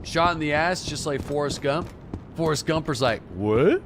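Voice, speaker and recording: A man's voice: a little high, fairly even intonation, moderate pace, noisy background. A man streaming a game, casually chatting with a co-op partner, swearing and thinking aloud. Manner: laid-back, profane, thinking aloud. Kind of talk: casual gaming chat with a co-op partner.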